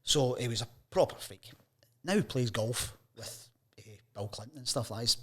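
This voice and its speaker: Scottish man telling lively anecdotes. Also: mid-range voice, moderate pace, slightly rough. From Scotland. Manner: lively anecdotes, acts out quoted voices. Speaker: guest, sports journalist. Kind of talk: casual storytelling interview.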